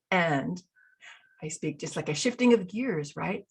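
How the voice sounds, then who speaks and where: A middle-aged woman coaching an online workshop, guiding a group through body exercises and slowly repeated mantras in a soothing, rhythmic way. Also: on the low side, animated, husky. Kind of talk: guided embodiment exercise.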